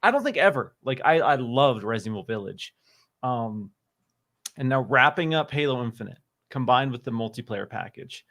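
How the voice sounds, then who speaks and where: A man's voice: medium pitch, lively intonation, moderate pace, a bit bright. A man appearing as a guest on a casual gaming livestream, giving enthusiastic and emphatic opinions.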